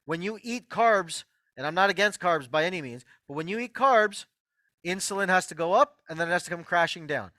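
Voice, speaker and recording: A man's voice: high voice, animated, brisk, pushed and bright, no echo. A man hosting an online healing workshop, giving an emphatic motivational health lecture and repeating his key phrases straight to his listeners.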